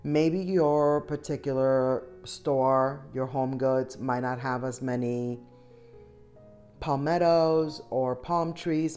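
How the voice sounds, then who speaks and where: A middle-aged woman with a low voice chats eagerly with her viewers while she shops. She talks to them directly and warmly. Soft music plays faintly under her voice. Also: fairly even intonation, slow pace. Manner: chatty, enthusiastic, addresses viewers directly. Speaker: shopping vlogger. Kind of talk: casual shop-with-me voice-over.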